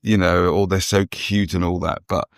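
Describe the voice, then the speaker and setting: A man's voice: sits low, flat delivery, normal speed, dry recording, studio quality. A man talking casually on a podcast, hesitant, restarting his sentences and stumbling over words. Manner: hesitant, full of restarts and fillers. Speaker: podcast co-host. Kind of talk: casual chat.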